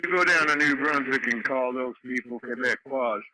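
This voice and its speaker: Bright man over a noisy radio. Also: mid-range voice, normal speed. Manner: chatty, storytelling. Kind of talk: casual radio chat.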